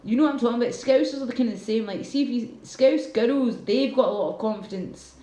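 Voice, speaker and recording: A woman's voice: on the high side, fast, mellow, roomy sound, low-quality recording. A Glaswegian woman from Scotland chatting casually on a livestream, rambling and answering her viewers' comments as she goes.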